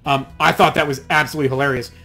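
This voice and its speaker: A man's voice: on the high side, fairly even intonation, rapid-fire, vocal fry, bright, forceful tone. A young adult man rambling and joking with himself while he plays a game. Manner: rambling, chatty, self-mocking asides. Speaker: let's play host. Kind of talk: casual gameplay commentary.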